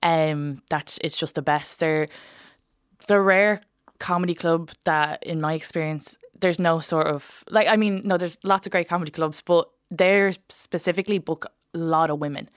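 A woman comedian chatting in an interview, telling animated stories quickly with bursts of laughter. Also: low voice, no echo, studio quality. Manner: fast, animated, laughing storyteller. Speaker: stand-up comedian, guest. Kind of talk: casual interview chat, storytelling.

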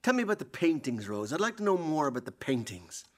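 A betrayed husband with a lilt, sneering and sarcastic, his lively voice swinging up and down as his anger boils over. It is a radio play, with a bitter, biting edge that gives way to rage. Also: fairly high pitch, quick pace. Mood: needling. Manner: sarcastic, biting, building to fury. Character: bitter jealous husband, drinking, middle-aged. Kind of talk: radio drama acting.

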